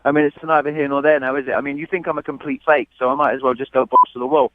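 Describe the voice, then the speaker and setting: A man's voice: mid-range voice, little pitch movement, rapid-fire, dry recording. A man with a London accent calling into a radio show, defensive and exasperated, laughing it off, heard over a muffled phone line. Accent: British, London. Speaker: caller. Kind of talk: radio call-in chat.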